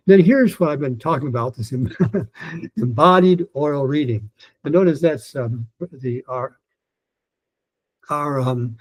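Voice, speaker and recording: Mellow, husky older man teaching. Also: on the high side, rough recording. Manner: explains step by step, stretching sounds to demonstrate. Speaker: pronunciation teacher. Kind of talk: online lesson with demonstrations.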